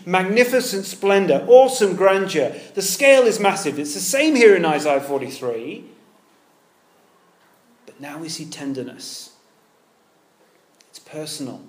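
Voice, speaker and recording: A man preaching a sermon in an earnest, conversational way, moving between loud emphasis and hushed tenderness. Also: high voice, reverberant.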